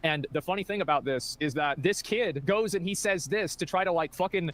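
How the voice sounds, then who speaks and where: A man's voice: sits high, brisk, fairly bright tone. A man streaming a heated, profane rant about another streamer. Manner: heated, profane, indignant ranting. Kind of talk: ranting stream commentary.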